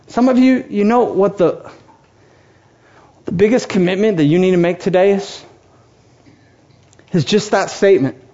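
A man's voice: high-pitched, moderate pace, long pauses, warm tone, lo-fi sound. A male pastor preaching a sermon with passion, acting out the voices of the people he quotes. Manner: impassioned, acts out quoted voices.

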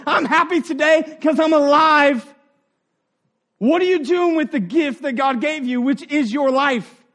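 A middle-aged man preaching a sermon in an earnest, conversational way, dropping to quiet asides and rising for emphasis. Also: extremely high pitch. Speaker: pastor.

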